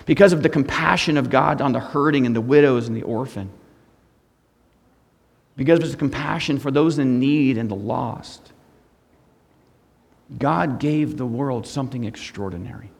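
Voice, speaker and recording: A middle-aged man, a guest pastor, preaching a sermon with humor, moving between hushed and loud. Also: medium pitch, moderate pace, creaky, long pauses, slightly rough, long reverb tail. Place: church sanctuary.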